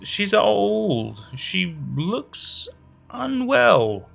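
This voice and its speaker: A man voicing a reckless young man who is high, carefree and slurring his words. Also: wildly swooping pitch, very slow, creaky, a bit bright, soft background music, exaggerated voice.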